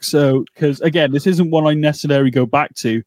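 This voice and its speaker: A man co-hosting a podcast, chatting casually and excitably, swearing and laughing as he goes. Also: mid-range voice, fairly quick, dry recording. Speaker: podcast co-host. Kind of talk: casual recap chat.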